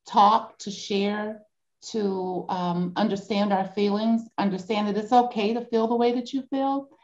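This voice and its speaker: A woman leads a support group over a video call. Her tone is encouraging, and she pauses often with ums. Her voice has a middle pitch, and the audio sounds a little dull. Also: a little mellow. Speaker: grief support group facilitator. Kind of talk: group discussion.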